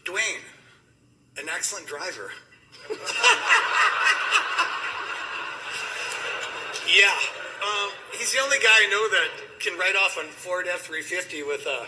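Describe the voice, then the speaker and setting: Bright-voiced man giving a eulogy. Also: sits high, very animated, slow pace, pauses often, a little hiss or hum, poor audio. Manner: rambling and emotional, laughing through stories. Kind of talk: funeral eulogy. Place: funeral gathering indoors.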